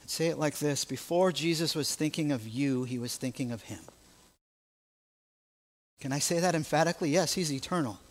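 A man's voice: fairly high pitch, moderate pace, long pauses. A male pastor with an American accent preaching a sermon, emphatic and full of rhetorical questions.

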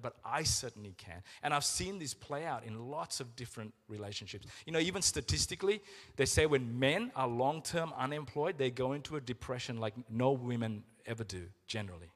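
A middle-aged man preaching a sermon as pastor, earnest and emotional, slowing down for emphasis. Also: medium pitch, fairly bright tone. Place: church. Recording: reverberant church hall with music.

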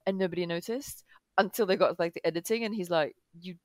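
A woman in casual chat, animated and quick to jump in and mimic others. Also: lowish voice, no room sound.

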